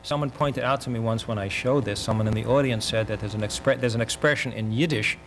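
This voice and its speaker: An older man giving an academic lecture in a measured, reflective way, often pausing mid-thought. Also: medium pitch, faint music behind, low-quality recording. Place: university lecture.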